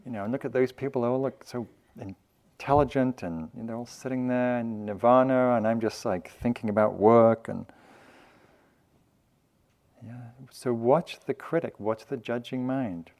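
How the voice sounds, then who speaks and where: A man teaching at a meditation retreat, speaking in a gentle, loose, conversational way with light self-mocking humor. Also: mid-range voice, normal speed. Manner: loose, with frequent fillers and restarts. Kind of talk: dharma talk at a meditation retreat.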